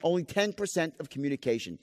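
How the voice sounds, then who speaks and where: A man's voice: fairly high pitch, expressive, quick pace, darkish tone. Man, sales seminar trainer, emphatic, swearing, rhetorical questions, long echoing hall reverb. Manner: emphatic, profane, asks the audience rhetorical questions. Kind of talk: live motivational seminar lecture.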